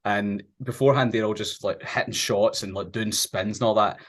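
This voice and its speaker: A man's voice: lowish voice, normal speed. Man in his thirties telling stories. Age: 30s. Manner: animated storytelling, swearing. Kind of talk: casual chat.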